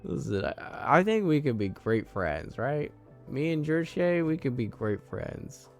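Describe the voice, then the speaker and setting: A man's voice: medium pitch, very animated, unhurried, vocal fry, faint music behind. A man live-streaming a game, chatting casually and rambling, laughing often and sounding flustered.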